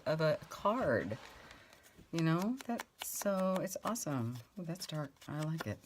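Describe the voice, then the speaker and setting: A rambling, chatty middle-aged woman with a strikingly low voice talks through her crafting. She laughs easily and drifts between topics. Clear rustling and clicking noises run under her voice. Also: very animated, measured pace, background noise. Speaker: craft vlogger. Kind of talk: casual crafting chat.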